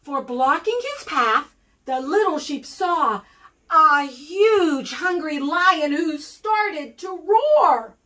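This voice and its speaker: An American woman reading a rhyming picture book aloud to kindergarten children, expressive and sing-song. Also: high voice, drawn-out words, distant mic, low-quality recording. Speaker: guest reader for kindergarten.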